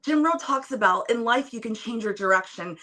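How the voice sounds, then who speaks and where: A woman's voice: on the high side, expressive, brisk, sharp tone. A young woman on a phone video call, speaking as a podcast guest in an earnest, emphatic, preacher-like way. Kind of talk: motivational interview talk.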